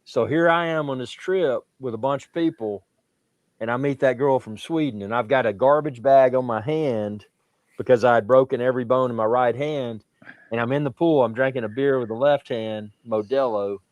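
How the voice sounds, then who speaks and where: A man's voice: medium pitch, moderate pace, a little mellow, no echo, lo-fi sound. A man with a Southern US accent, telling a rambling story on a livestream chat. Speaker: livestream guest.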